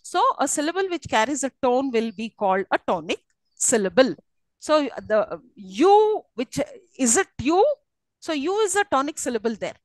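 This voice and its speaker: Lady teacher, kinda high voice, lots of "you know", asks the class stuff, dry close sound. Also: big pitch swings, moderate pace, no room sound, poor audio. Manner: explanatory, asks students questions, many fillers. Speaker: university English lecturer. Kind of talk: live lecture to students.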